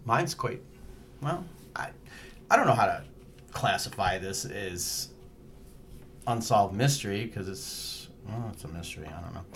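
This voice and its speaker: A man's voice: on the low side, lively intonation, unhurried, pauses often, a bit bright, a little hiss or hum. A man co-hosting a podcast in casual chat, rambling and joking, prone to tangents. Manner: rambling, jokey, goes on tangents. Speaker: podcast co-host.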